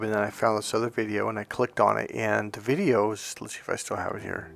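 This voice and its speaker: A man's voice: on the low side, creaky. A man who works as a relationship coach, telling a story in a rambling, casual monologue with folksy asides.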